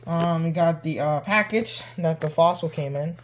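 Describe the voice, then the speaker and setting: In a loose, easygoing show-and-tell, a man rambles about his toy collection, sprinkling in lots of "like" and "you know." His voice is on the high side at a normal speed, with slight background noise.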